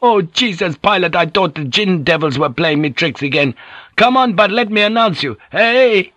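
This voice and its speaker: A man voicing a drunk, overjoyed older Dutch sailor in an audiobook, with slurred, excited exclamations. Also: medium pitch, normal speed, husky, no echo, pitched above the performer's own voice. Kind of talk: audiobook character voice.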